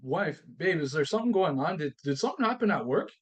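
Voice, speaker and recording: Speaking fast in a slightly rough, somewhat high voice, a male podcast guest recounts a personal story. He animates it by playing both sides of the conversation, frequently repeating and restarting his phrases.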